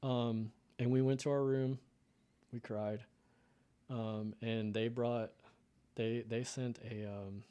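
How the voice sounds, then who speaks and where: A man's voice: mid-range voice, flat delivery, slow, pauses often, dark tone, clear, resonant tone, dull audio. A man in his thirties from the United States, telling an emotional personal story in a casual podcast conversation. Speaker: podcast guest.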